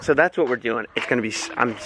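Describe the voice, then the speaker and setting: An excitable man chatting casually in an outdoor vlog on a small handheld camera, laughing often. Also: medium pitch, fast talker. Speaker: vlogger. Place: outdoors at a tower site. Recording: outdoor crowd noise.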